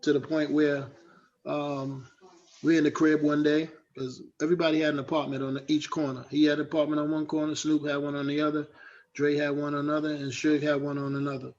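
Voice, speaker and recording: A middle-aged man, a guest rapper, telling animated, slangy stories in a casual interview and acting out other people's voices. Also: on the high side, fairly quick. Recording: dull lo-fi sound.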